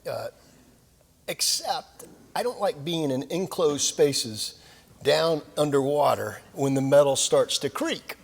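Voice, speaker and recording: An older man tells stories at a lecture in a gravelly, slightly husky voice, mid-pitched and unhurried. He rambles with fillers and self-deprecating humor, and a long hall reverb trails his words. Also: lively intonation. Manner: folksy, self-deprecating storytelling with many fillers. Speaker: guest speaker at a military lecture series. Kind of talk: anecdotal lecture.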